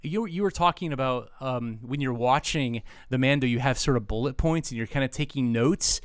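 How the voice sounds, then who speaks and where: A man with a smooth, clean voice hosts a casual podcast, joking and poking fun at himself between questions. His pitch is ordinary. The recording is dry, with no room sound. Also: normal speed, no room sound. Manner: joking, self-deprecating, chatty. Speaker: podcast host, interviewer.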